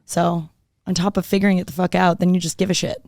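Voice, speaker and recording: A woman's voice: lowish voice, little pitch movement, fast, gravelly, a little mellow, dry recording, clean studio sound. A woman fitness instructor, talking bluntly and emphatically as a podcast guest, swearing freely. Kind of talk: casual podcast conversation.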